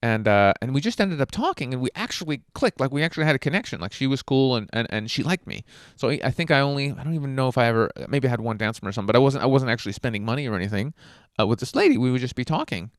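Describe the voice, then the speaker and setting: Fast-talking man telling candid stories. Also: medium pitch, animated, no room sound, clean studio sound. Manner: candid, self-mocking, swears, frequent fillers. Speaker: vlogger telling dating stories. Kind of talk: casual storytelling monologue.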